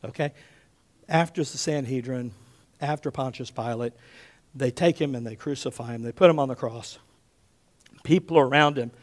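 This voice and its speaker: A man in his fifties preaching a sermon as pastor, telling stories with big swings between loud and hushed, often checking in with "okay?". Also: medium pitch, moderate pace, pauses often. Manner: animated storyteller, often checks in with "okay?", drops to a hush for quotes.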